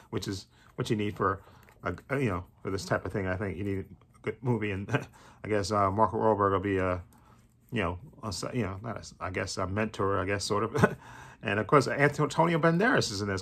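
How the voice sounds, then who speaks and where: A man's voice: fairly low pitch, gravelly, pushed and bright. A middle-aged man hosting a trailer reaction channel, talking casually, rambling with fillers and chuckling as he goes.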